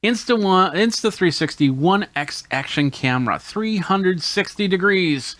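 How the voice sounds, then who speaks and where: A man's voice: sits high, animated, measured pace, fairly bright tone, no echo. A man hosting a tech channel, explaining camera gear hands-on in a casual demo. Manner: explains hands-on while demonstrating gadgets.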